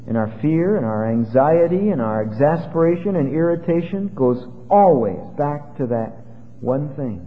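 A man preaching a sermon as pastor, swinging dramatically between loud exclamations and hushed asides. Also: fairly high pitch, big pitch swings, normal speed, slight background noise. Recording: tinny phone-like sound with long hall reverb.

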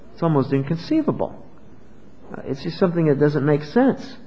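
An older man preaching a sermon as pastor, expressive and rising to loud, emphatic peaks. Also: fairly high pitch, normal speed. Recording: dull lo-fi church recording with long reverb.

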